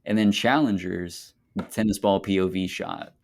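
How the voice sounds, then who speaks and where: Low gravelly young man chatting about movies. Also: moderate pace, a little mellow. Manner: enthusiastic, laughs often. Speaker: podcast co-host. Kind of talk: casual movie chat.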